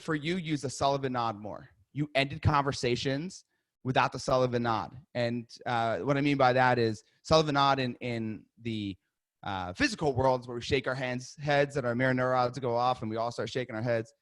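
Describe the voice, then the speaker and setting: A man's voice: medium pitch, fairly bright tone, no echo, studio quality. A man on a video call coaching real estate agents and role-playing a sales call, upbeat and conversational. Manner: upbeat, conversational, rapid restarts.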